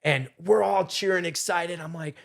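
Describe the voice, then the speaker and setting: A middle-aged man telling a story as a podcast guest, animated, acting out what people said. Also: high-pitched, moderate pace, gravelly. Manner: animated storyteller, acts out quotes loudly. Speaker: game show contestant guest.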